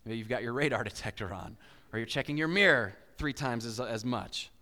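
A man preaching a sermon, telling stories in an animated way and acting out inner voices with big swings. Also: medium pitch, fairly quick. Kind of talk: sermon with storytelling. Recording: hall reverb.

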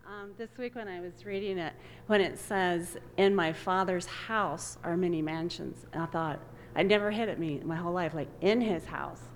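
A woman's voice: on the low side, normal speed, a little hiss or hum. A woman in a Bible class sharing her thoughts with the group, hesitant and casual with fillers. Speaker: audience member in a Bible class.

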